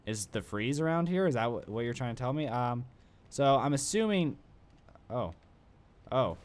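A man's voice: mid-range voice, sing-song, moderate pace. Rambling young man doing game commentary. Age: young adult. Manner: rambling, self-mocking, talks to the game. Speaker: let's play commentator. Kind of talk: gaming commentary.

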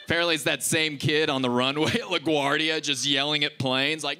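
A man doing a stand-up comedy set, telling stories with animated delivery and high shouted voices for the people he quotes. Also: brisk, hardly any pauses, slight background noise.

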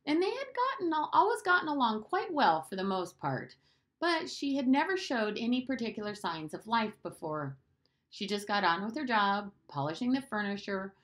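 A woman reading a novel aloud as an expressive narrator. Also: mid-range voice. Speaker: audiobook reader. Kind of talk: storybook narration.

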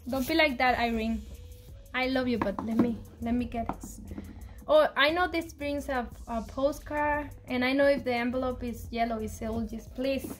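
A woman chatting casually as she unboxes albums, excitable and pleading, laughing often, with faint music behind. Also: on the high side, measured pace, pauses often. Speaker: vlogger.

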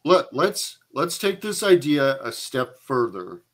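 A man speaking in a measured, joking way in casual podcast chat. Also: medium pitch, very animated.

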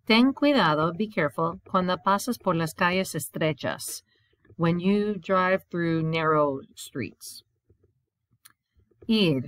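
A woman's voice: fairly low pitch, lively intonation, unhurried, no room sound. A woman teaching a recorded language grammar lesson. She explains step by step, repeats a memory rhyme and often checks in with "right?". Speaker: Spanish teacher.

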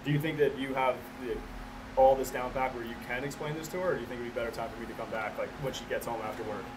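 A man rehearses a sales pitch in a training role-play, hedging with fillers as he talks fast. He is caught from across the room. The steady hum of air conditioning sits under his voice. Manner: hesitant, filler-heavy pitch. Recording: far from mic, noisy room.

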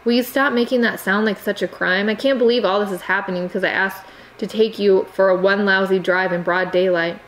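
A woman's voice: mid-range voice, fairly even intonation, a little fast, slight background noise, natural voice, poor audio. A woman voicing an earnest, frustrated American teenage boy who pleads insistently. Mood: pleading. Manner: insistent, exasperated, raises his voice.

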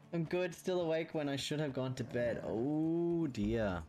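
A man's voice: fairly high pitch, mellow. A man chatting casually out of character while streaming a game, rambling and laughing often.

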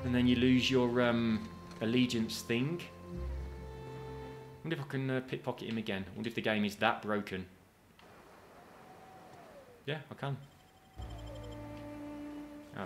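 A man giving let's-play commentary on a video game. He is chatty and jokey, swears casually and makes asides to his viewers, and his voice sits at an ordinary middle pitch. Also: normal speed, long pauses, over music. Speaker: gaming video host.

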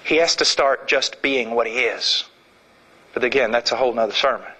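A man's voice: mid-range voice, moderate pace, sharp tone, slightly rough, poor audio. A man preaching a sermon in an impassioned, emphatic way.

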